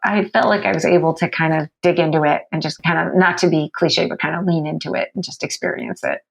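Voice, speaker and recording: Woman author being interviewed, thoughtful, kinda halting, lots of restarts. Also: low voice, fairly even intonation, creaky, rough recording. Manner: candid, thoughtful, with frequent restarts. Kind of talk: reflective conversational interview.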